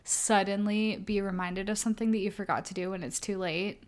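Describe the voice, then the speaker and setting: A woman's voice: medium pitch, fairly even intonation, a little fast. A young woman co-hosting a podcast in casual chat, talkative, laughing often and full of fillers. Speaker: podcast co-host.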